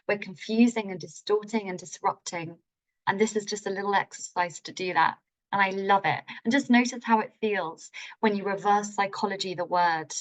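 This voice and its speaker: Woman, workshop teacher, enthusiastic, informal, playful, mid-pitched. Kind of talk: live online masterclass teaching.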